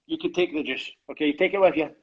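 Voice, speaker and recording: A man's voice: fairly high pitch, fast, muffled recording. A man hosting a podcast, chatting casually and laughing easily on a call. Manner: chatty, laughs easily, distracted by home visitors. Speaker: podcast host. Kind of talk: casual chat.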